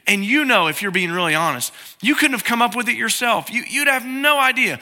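Middle-aged male pastor, conversational sermon, bright voice that sits high for a man. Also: expressive, a little fast, hardly any pauses. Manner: conversational preaching, acts out quoted prayers in a soft low voice.

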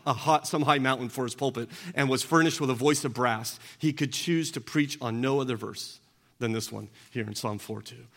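Man, pastor, earnest sermon, acts out quotes, long hall reverb, mid pitch. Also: fairly bright tone.

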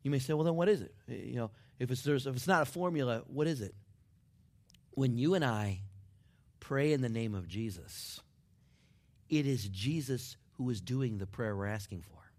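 A man preaching a sermon, dropping to near whispers and building up to excited shouts. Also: mid-range voice, normal speed. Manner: dramatic swings from hushed to shouting. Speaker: pastor.

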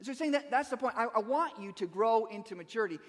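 A man's voice: extremely high pitch, lively intonation, quick pace, big-room sound. A man preaching a sermon as pastor, speaking in a conversational way with frequent restarts and asides.

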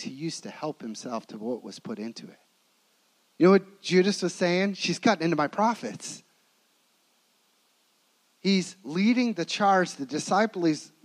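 High-voiced man preaching dramatically. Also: rough recording. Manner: dramatic storytelling, swinging between emphatic and hushed. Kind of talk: sermon.

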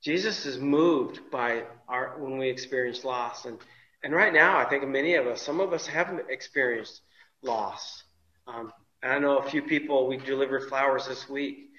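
Bright-voiced male pastor in an echoey room. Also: medium pitch, moderate pace. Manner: conversational, with frequent restarts and fillers. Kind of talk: sermon. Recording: echoey room, dull lo-fi sound.

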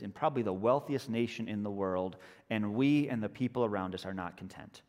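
A man preaching a sermon in a relaxed, conversational way, telling a story and slowing down for emphasis. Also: medium pitch. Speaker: pastor. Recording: long church reverb.

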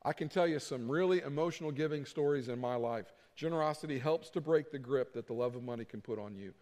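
A man's voice: medium pitch, quick pace, darkish tone. A middle-aged man preaching a sermon as pastor, earnest and conversational, slipping into quoted voices of others. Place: church sanctuary. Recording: long reverb of a church hall.

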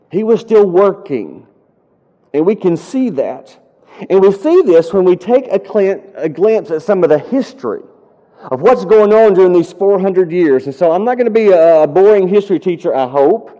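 Pastor preaching in an echoing hall. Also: male voice, high voice, warm tone. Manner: earnest storytelling, rising to impassioned pleading prayers. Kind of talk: sermon. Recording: dull sound with long hall reverb.

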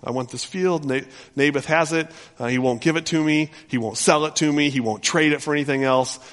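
A man's voice: a little high, brisk, a bit bright, close to an everyday voice. Guy doing a sulky king throwing a fit, whiny, reverby room. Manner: whiny, petulant.

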